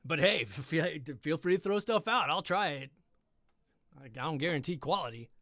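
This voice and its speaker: A man chatting on his own livestream between readings, rambling with quick, self-deprecating asides from his computer setup. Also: fairly high pitch, animated, fairly bright tone, no echo, clean studio sound. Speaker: livestream host reading stories. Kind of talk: casual chat on a livestream.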